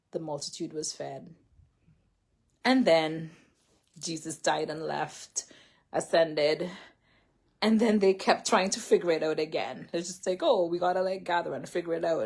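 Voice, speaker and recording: A woman's voice: lowish voice, darkish tone, slightly rough. A woman giving a casual sermon-style talk, chatty and full of "like", laughing lightly as she retells scripture in her own words. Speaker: faith speaker.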